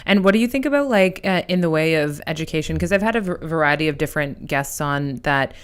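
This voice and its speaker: A woman's voice: sits low, lively intonation, fast, clear, resonant tone. A woman hosting a podcast, asking long, rambling questions in casual chat. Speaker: podcast host.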